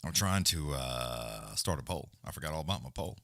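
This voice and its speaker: Male streamer, casual and profane, very lively delivery, dry close sound. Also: a bass voice, normal speed, gravelly, dry recording. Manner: rambling, profane, animated. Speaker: livestream host. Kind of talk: casual live-stream chat.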